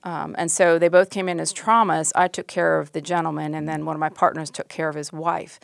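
A woman's voice: low-pitched, flat delivery, a little fast, creaky, no room sound. A middle-aged woman, an emergency room doctor, telling a story in conversation with frequent fillers and restarts. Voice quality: hesitant, many fillers and restarts.

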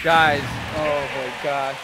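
A man hosting a casual vlog, talking excitably and directly to his viewers. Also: on the high side, slow pace, very noisy. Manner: excitable, talks straight to viewers. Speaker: streamer and video host. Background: background music.

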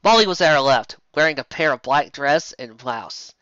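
A woman reading fan fiction aloud in a lively storybook narration with casual asides. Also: deep voice, moderate pace, no room sound. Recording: dull lo-fi dry home recording.

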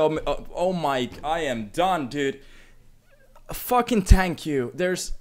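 A man from Finland, live streaming and reacting to donations, emotionally overwhelmed, swinging from shouts to mumbles and swearing constantly. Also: on the high side, animated, takes it slowly.

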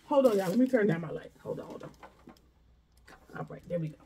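A woman's voice: medium pitch, expressive, fast, mellow, a little hiss or hum. A woman vlogger chatting casually through a shopping haul, gushing and exclaiming over each item. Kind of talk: casual unboxing chat.

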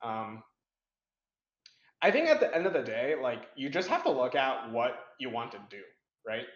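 A man's voice: mid-range voice, big pitch swings, normal speed. A young man answering interview questions frankly, rambling with many fillers and restarts. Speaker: interview guest, competitive programmer. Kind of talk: casual interview chat. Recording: roomy, dull lo-fi sound.

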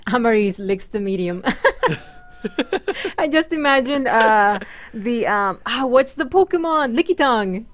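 A woman hosting a gaming channel, chatting casually and thinking out loud while she plays, laughing often. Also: fairly high pitch, expressive, slow pace. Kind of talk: casual let's-play chat.

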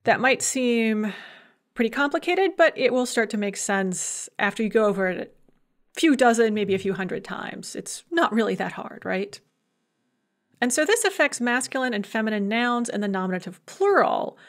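A woman with a slightly high voice and lively intonation speaks at a moderate pace in a recorded university language lecture. She patiently explains grammar, giving example words followed by their translations and adding light humorous asides.

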